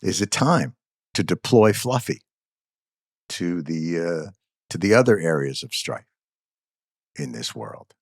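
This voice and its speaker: A man hosting a podcast, giving a sarcastic, mock-grand comic monologue with halting fillers. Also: low voice, lively intonation, dry recording, studio quality. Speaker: host.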